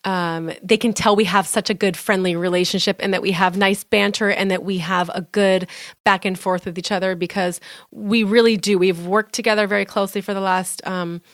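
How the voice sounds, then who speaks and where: A woman's voice: medium pitch, fairly even intonation, brisk, no echo. A woman co-hosting a podcast in a small studio, chatting casually with lots of fillers and playful teasing. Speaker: podcast co-host.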